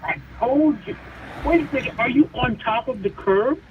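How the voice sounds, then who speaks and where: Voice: medium pitch, moderate pace, muffled recording, noisy background. A person in casual conversation who teases bluntly and asks pointed questions. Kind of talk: casual chat.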